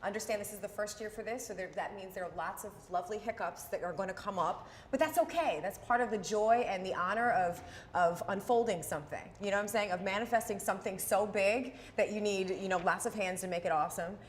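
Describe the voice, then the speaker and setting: A woman's voice: medium pitch, quick pace, a little hiss or hum. A woman co-hosting a live charity broadcast, bubbly, playful and emphatic. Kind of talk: lively live-stream chat. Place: broadcast set in Philadelphia.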